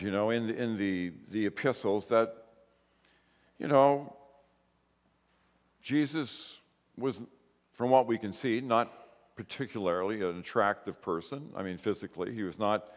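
A male pastor giving a conversational sermon in a church, mostly calm, rising to emphatic bursts. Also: lowish voice. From grew up in a Pentecostal church. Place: church sanctuary. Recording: long hall reverb.

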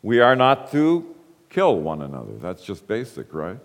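A man's voice: on the low side, huge pitch swings, normal speed. A man preaching a sermon, explaining scripture and stressing quoted words. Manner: explanatory, emphatic when quoting scripture. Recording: hall reverb.

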